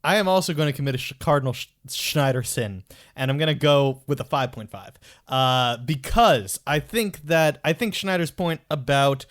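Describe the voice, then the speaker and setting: A man's voice: on the high side, lively intonation, normal speed, a bit bright. A man co-hosting a casual podcast, chatty, often trailing off and restarting his sentences. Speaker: podcast co-host.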